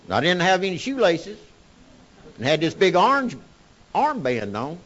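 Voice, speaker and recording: A man with a drawl speaks his testimony with wild swings in pitch, dropping nearly to a whisper and then climbing into hollering. The recording sounds muffled and lo-fi. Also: wildly swooping pitch, moderate pace. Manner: Southern-style storytelling, emotional swings from hushed to shouting. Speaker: speaker sharing recovery story. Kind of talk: personal testimony talk.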